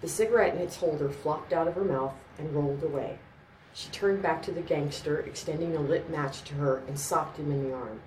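Low-voiced woman narrating a story. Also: brisk, darkish tone, a little hiss or hum. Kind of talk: scripted narration. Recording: roomy, distant mic, faint ambience.

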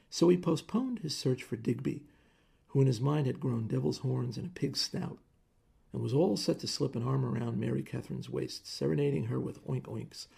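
A man reading a short story aloud in measured, plain narration. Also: mid-range voice, creaky, warm tone, breathy edge.

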